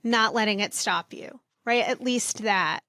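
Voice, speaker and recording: A woman's voice: on the high side, measured pace, bright, forceful tone, dry recording, studio quality. A woman podcast host and therapist speaking in casual interview chat, gushing and effusive.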